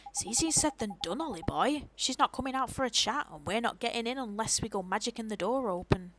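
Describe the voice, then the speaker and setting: A brash little male fairy sidekick from a video game, as a woman puts him on, blunt and full of slang. He talks in a fairly high, pushy voice and never holds back an opinion. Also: lively intonation, a little fast, a bit bright, slight background noise. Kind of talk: reading game dialogue in voices.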